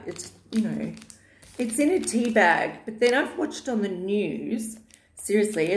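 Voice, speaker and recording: A woman chatting casually in her vlog, gushing and affectionate, with lots of fillers, filmed in the living room of her new home. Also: medium pitch. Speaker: vlogger. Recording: echoey bare room.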